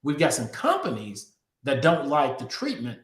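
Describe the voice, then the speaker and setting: A man's voice: medium pitch, wildly swooping pitch, moderate pace. A man hosting a crypto politics show, giving emphatic news commentary straight to his viewers. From Texas. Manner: emphatic, addressing viewers directly. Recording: echoey room.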